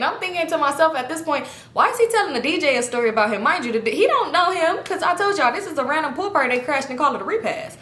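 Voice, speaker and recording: A young woman relates a personal story, animated and full of slang, performing the lines of the people she quotes. She has a high-pitched voice, talks fast with hardly any pauses, and the echoey room carries slight background noise.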